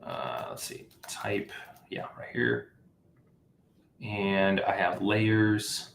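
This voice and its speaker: A man's voice: deep voice, animated, very slow, creaky, a bit bright, roomy sound, slight background noise. A man hosting a live app-building stream, thinking aloud with fillers and self-corrections as he works. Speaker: livestream host building an app. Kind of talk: casual live coding walkthrough.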